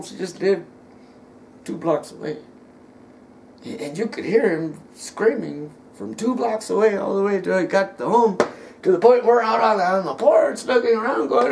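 A middle-aged man giving an emotional personal testimony, halting and repeating words, sometimes dropping almost to a whisper. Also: high-pitched, lively intonation, gravelly, a little mellow, a little hiss or hum.

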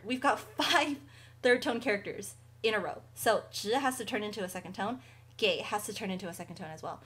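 A woman's voice: medium pitch, animated, normal speed, a bit bright. A woman hosting a language lesson, explaining words casually with friendly asides. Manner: chatty, friendly asides, occasional light laughs. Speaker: language teacher and show host. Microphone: studio microphone.

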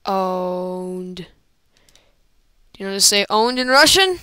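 A woman's voice: mid-range voice, takes it slowly, clear, resonant tone, dry recording. A woman commentating her own video game play in a casual, rambling way, often exclaiming, into an old computer microphone. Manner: excitable, rambling, frequent exclamations and laughs.

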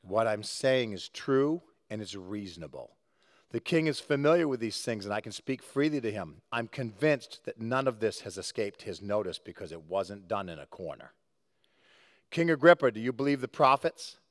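A calm, defiant apostle speaks low and unhurried, as a preacher puts him on mid-sermon. His voice stays quiet and steady and is recorded dry and close. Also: no echo, lightly acted. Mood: resolute. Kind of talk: sermon read-aloud role voice.

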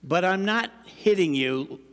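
A middle-aged man preaching a sermon, chatty and animated, with asides and questions to the congregation. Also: sits high, measured pace, clean tone. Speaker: pastor. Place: church sanctuary. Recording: long reverb of a large hall.

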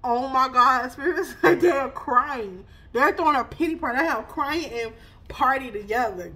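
Bright, husky-voiced woman reader. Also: high-pitched, slow pace. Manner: chatty, laughing, sassy asides. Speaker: spiritual reader. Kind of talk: casual spiritual reading vlog.

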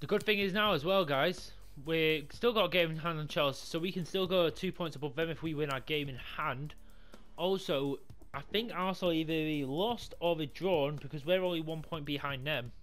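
A man with a slightly high voice runs a live commentary on his football game. He is excitable and foul-mouthed, yelling at his players one moment and chatting through the team the next. Music plays clearly behind him. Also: normal speed. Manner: excitable, sweary, yells at the game. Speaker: gaming YouTuber.

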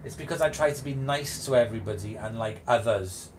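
A man's voice: on the low side, fairly quick, a little hiss or hum. A man hosting a live stream, chatting casually and giggling as he reads out viewer comments.

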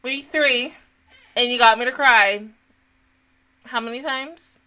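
A woman's voice: fairly high pitch, takes it slowly, sharp tone. A woman giving casual, rambling reaction commentary on an anime, emotional and swearing freely. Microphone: headphones on.

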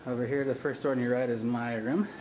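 A man's voice: mid-range voice, fast. Breathless young man touring an apartment. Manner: relaxed, offhand touring commentary. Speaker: vlogger giving an apartment tour. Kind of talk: casual walkthrough narration. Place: new apartment, indoors and outside on stairs. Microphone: handheld camera mic. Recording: noisy handheld camera audio.

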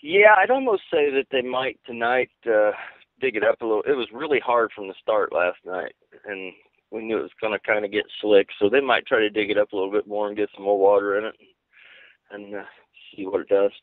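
A male race driver answers questions in a lowish, plain-spoken voice, halting and restarting as he goes. The audio is thin, dry and phone-like. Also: dry recording. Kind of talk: casual interview answers. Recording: tinny phone-like line.

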